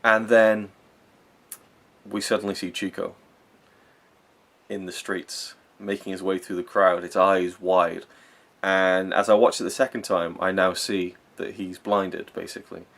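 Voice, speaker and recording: A man's voice: sits low, little pitch movement, measured pace, creaky, fairly bright tone. A young man giving a rambling, enthusiastic spoken film review, full of fillers and self-corrections.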